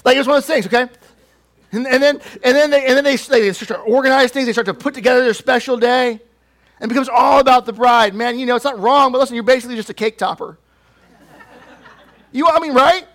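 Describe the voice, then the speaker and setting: A young man preaching a sermon, telling stories in an animated, joking way and doing playful voices. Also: very high-pitched, a little fast. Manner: animated, jokey storytelling with playful put-on voices. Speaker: pastor.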